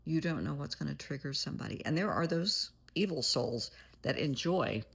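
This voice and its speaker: A woman's voice: sits low, animated, normal speed, creaky, fairly bright tone, husky. A woman therapist giving blunt, plain-spoken advice in a monologue, calling the listener "honey". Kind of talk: motivational monologue.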